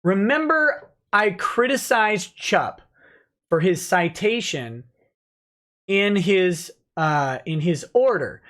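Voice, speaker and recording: A man in his thirties, a lawyer host reading court filings aloud and commenting, rushing through citations and slowing down hard to stress his points. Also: high-pitched, expressive, fairly bright tone. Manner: reads citations fast, then slows to stress points; stumbles and self-corrects on case names.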